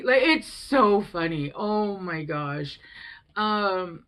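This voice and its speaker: A woman's voice: mid-range voice, animated, very slow, a bit bright. A young woman giving a casual tarot reading, rambling and chatty and swearing freely. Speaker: tarot reader.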